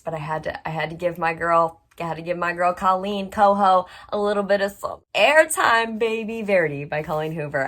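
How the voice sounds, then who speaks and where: A woman's voice: lowish voice, a bit bright. A young woman, chatting casually and gushing on her book vlog, full of "like" and "um". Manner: bubbly, gushing, lots of "like" and "um". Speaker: book channel host.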